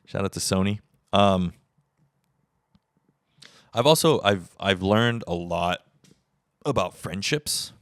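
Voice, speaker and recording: A man in his thirties hosts a solo podcast, speaking candidly and rambling, swearing casually and acting out the conversations he recounts. His deep, expressive voice moves at a slow pace with long pauses. It's captured on a podcast mic in a camera setup, with no room sound.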